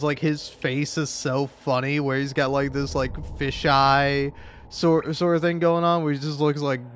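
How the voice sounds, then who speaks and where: A man's voice: mid-range voice, fairly bright tone, slight background noise. A man giving casual gameplay commentary, rambling with lots of fillers and laughing often. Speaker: gaming video creator.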